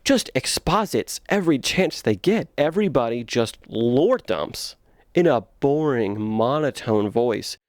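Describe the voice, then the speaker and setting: A man in his twenties giving sarcastic, animated comedic commentary on bad movies as a video host. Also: mid-range voice, unhurried, no room sound, studio quality.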